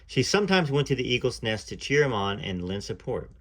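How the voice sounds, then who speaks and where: A man at medium pitch narrates a book in the first person, measured in pace yet very animated in delivery. Here and there he breaks off to comment between passages.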